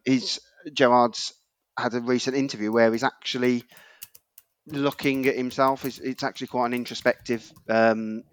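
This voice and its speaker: A man guesting on a football podcast who halts and restarts, circling his point before landing it. Middle-pitched, with a dry, close sound. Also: smooth, no echo. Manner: halting, repeats "I think" while working out his point. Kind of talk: casual chat.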